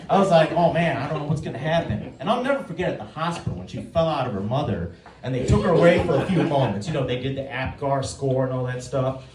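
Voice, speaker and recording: A forty-something man does stand-up about his family, dry in tone, performing the other people's lines as he tells the stories. His voice is on the high side over a noisy background, captured from a distance in a roomy stage sound, with the audience laughing.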